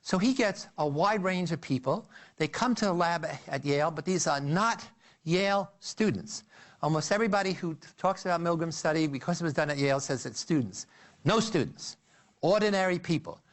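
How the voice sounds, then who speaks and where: A man giving a psychology lecture, telling the story in an animated way with frequent restarts and fillers. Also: fairly high pitch, moderate pace. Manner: animated storytelling, addresses listeners as "you".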